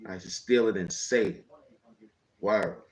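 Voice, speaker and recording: Man host, lowish register, loose slangy storyteller who rambles and keeps checking in with the listener. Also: unhurried, low-quality recording. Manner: rambling, slangy street talk with frequent "you know what I'm saying". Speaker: channel host telling a personal story. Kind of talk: casual storytelling.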